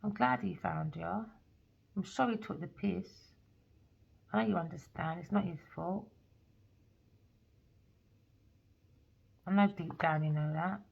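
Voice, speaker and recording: A heartbroken man from a tarot card, put on by a woman pours out his distress, swearing and calling the listener babe. His voice sits fairly high. The audio is dull and lo-fi. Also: big pitch swings, measured pace, heavily acted.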